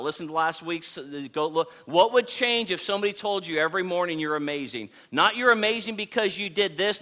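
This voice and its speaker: A man's voice: on the high side, sharp tone. A man preaching a sermon to his congregation, emphatic and repetitive, building points through repeated phrases. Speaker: pastor.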